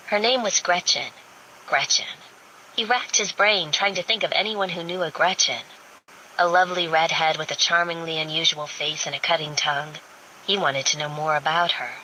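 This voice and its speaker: A woman narrating a romance audiobook in a steady, even reading. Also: lowish voice, slight background noise, low-quality recording.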